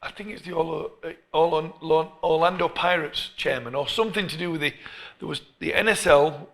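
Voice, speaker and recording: A middle-aged English man, a football coach being interviewed, who tells stories in an animated way and often restarts his phrases. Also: on the high side, a little fast, gravelly. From England. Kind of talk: storytelling interview.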